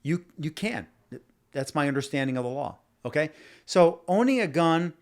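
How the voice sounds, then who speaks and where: A man's voice: on the high side, animated, moderate pace. A man hosting a podcast, talking in a rambling, argumentative monologue that stumbles and repeats words as he addresses live viewers. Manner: talks directly to live viewers. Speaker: podcast host. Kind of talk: casual opinion monologue.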